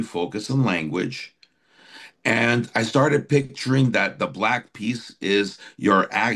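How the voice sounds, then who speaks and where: A man's voice: fairly low pitch, fairly bright tone. A middle-aged man, an author and life coach, telling a personal story as a podcast guest in an earnest, reflective way and acting out his own inner thoughts. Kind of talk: conversational storytelling.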